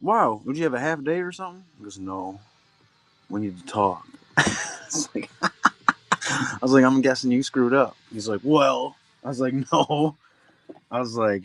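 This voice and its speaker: A man's voice: mid-range voice, fairly bright tone. A middle-aged man hosting a live card-break stream, chatting loosely and humming little filler sounds between remarks. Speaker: livestream card-break host. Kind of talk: casual live-stream chat.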